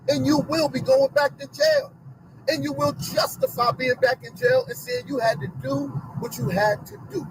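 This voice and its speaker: Middle-aged guy preaching hard, real high voice, bouncing all over the place, car noise behind him. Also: big pitch swings, moderate pace. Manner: emphatic, repetitive, preachy. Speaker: online commentator. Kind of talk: heated commentary rant.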